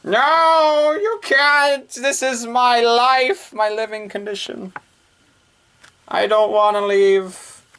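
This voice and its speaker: A man's voice: very high-pitched, fairly even intonation, slow pace, bright, forceful tone, smooth, voice pushed up, heavily acted. A man voicing a lazy, reclusive anime girl who stubbornly refuses to leave her room, with whiny protests. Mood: whiny defiant.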